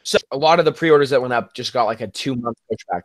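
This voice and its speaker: A man's voice: medium pitch, fast, no room sound, studio quality. A young man on a casual podcast call, rambling with lots of fillers. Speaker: podcast co-host. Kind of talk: casual chat. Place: remote call.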